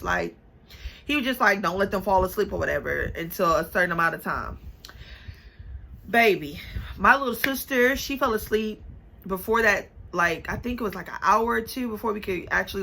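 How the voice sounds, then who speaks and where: A young woman tells a story straight to the viewer in a sassy, animated way, often calling them baby and honey. Her voice is bright and a little gravelly. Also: on the high side, poor audio. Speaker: vlogger. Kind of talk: casual storytime.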